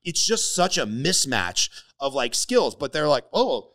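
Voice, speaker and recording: Middle-aged guy on a podcast, bright voice, animated, cusses a lot. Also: medium pitch, a little slow. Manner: animated, swears freely, voices others in stories. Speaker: podcast host, mortgage coach. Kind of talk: casual storytelling chat.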